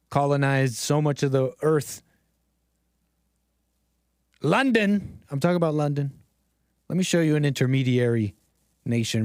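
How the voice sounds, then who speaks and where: A man's voice: on the high side, a little mellow, smooth, no room sound, studio quality. A man streaming casual commentary over video clips, rambling and sarcastic, with frequent restarts.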